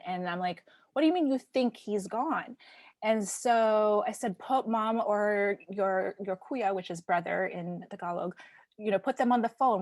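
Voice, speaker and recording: A woman from Canada, hosting a podcast and telling a personal story in a casual, halting way, with many fillers and restarts and sometimes a hushed near-whisper. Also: medium pitch, dry recording, studio quality. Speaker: podcast host.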